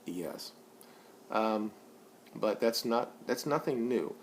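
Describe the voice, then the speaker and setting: A man in his forties vlogging an opinion monologue, blunt and profane, rambling with many restarts, and rising loud and high when he gets worked up. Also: expressive, takes it slowly, a little hiss or hum. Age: 40s.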